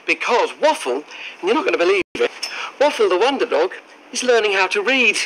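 A man's voice: high-pitched, expressive, brisk, bright, forceful tone, a little hiss or hum, low-quality recording. An actor playing a cheerful older grandfather, encouraging his dog and sounding out letters. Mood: cheery. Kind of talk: children's TV acting.

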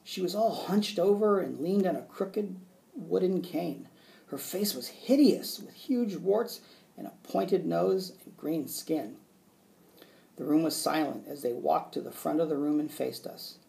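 A male teacher reading a children's book aloud with expressive narration. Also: a little high, unhurried, creaky.

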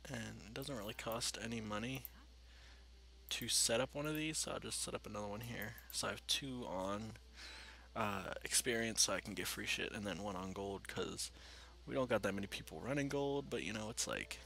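Low-ish and full of vocal fry, his voice still sounds bright and forceful at a normal speed. A gaming host, he keeps up loose let's-play chatter, swearing often and talking to himself mid-game.

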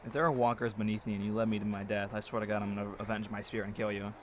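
A man hosting a let's play, chatting with friends while gaming, excitable and swearing in exasperated outbursts. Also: on the low side, very fast, highs cut off, noisy background. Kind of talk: casual gaming chat and outro.

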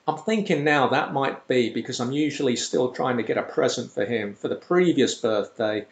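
A comedian spins a long, rambling anecdote in a dry, self-deprecating tone. His voice sits in a medium register, with a roomy echo around it. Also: mid-range voice. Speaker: comedian podcast host. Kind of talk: comic storytelling monologue.

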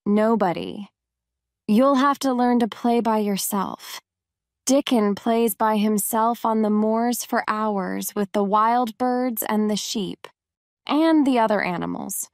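A woman's voice: fairly high pitch, takes it slowly, no room sound, clean studio sound. A woman doing a chatty, kindly servant girl. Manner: warm, talkative, gently scolding. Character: kind, chatty young country servant girl.

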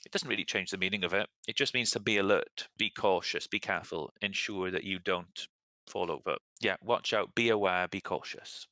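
A young man talks through English phrases in an easygoing, chatty way, as a teacher would. His voice sits low with a gravelly, bright edge. The sound is dry and close, with no room around it. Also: brisk, dry recording. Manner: relaxed, chatty, laughs at own slips. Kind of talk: casual explanation of example sentences.

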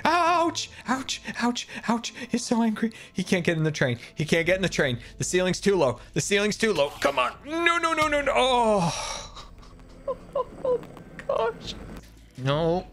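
A man giving excitable gameplay commentary, often exclaiming, laughing and talking to himself and to the creatures in the game. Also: high voice, unhurried. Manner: exclaims and laughs often, repeating panicked cries. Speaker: gaming video creator.

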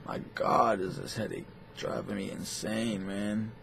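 A man's voice: lowish voice, measured pace, vocal fry, a little hiss or hum. A man hosting a boxing talk show, ranting in a profane, rambling and scornful way. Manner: foul-mouthed, animated, scornful.

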